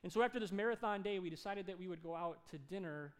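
A male pastor preaching a sermon, telling a story with animated delivery and acted-out dialogue. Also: high voice, quick pace. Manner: animated, acts out dialogue in his stories.

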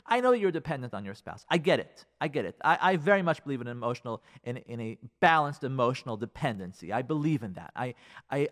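A man, a rabbi, giving marriage advice in a casual, animated talk full of repeated rhetorical questions. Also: on the high side.

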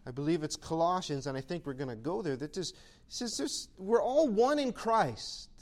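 A man preaching a sermon with a high, lively voice that swoops up and down. He talks to his church in an animated, conversational way and now and then acts out imagined voices. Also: normal speed. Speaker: pastor.

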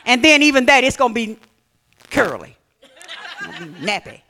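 High-voiced, bright-toned preaching man. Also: big pitch swings, moderate pace, a little hiss or hum. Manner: preaching with rhetorical questions to the congregation; reads scripture aloud and comments on it. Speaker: pastor. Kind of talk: sermon.

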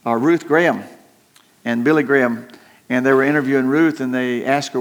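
An older man preaching a sermon in an earnest tone, repeating words and slowing down to stress his points. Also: medium pitch, fairly even intonation. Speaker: pastor.

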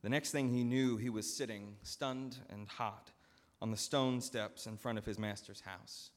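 A male pastor telling a story in a sermon with dramatic, expressive narration, recorded in a church. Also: fairly low pitch, a little slow. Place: church sanctuary. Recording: long church hall reverb.

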